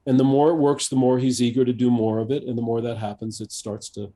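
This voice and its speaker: An older American man, a coach, talking reflectively in an interview, often pausing with fillers and restarting his sentences. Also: mid-range voice, flat delivery, mellow. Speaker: coach, podcast guest. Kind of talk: conversational interview.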